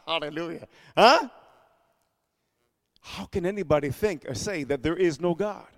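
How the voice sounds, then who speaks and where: A man preaching a sermon, animated, with constant call-and-response amens and hallelujahs. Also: on the high side, measured pace. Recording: echoey hall.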